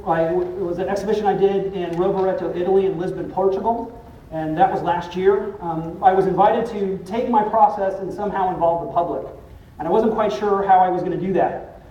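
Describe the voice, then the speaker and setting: A man giving a casual conference presentation, loose and profane, with many filler pauses, heard from a distant mic in a roomy hall. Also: high voice, steady tone, muffled recording.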